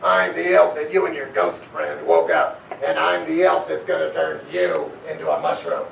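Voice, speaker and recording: A man voicing a tiny, very old, irritable male tree elf with a deep, raspy, nasal voice, speaking slowly and grumpily at a live storybook reading. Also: sing-song, slight background noise, exaggerated voice. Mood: irritated. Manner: slow, grumpy, threatening. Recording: echoey school room, far from mic. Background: children in the audience.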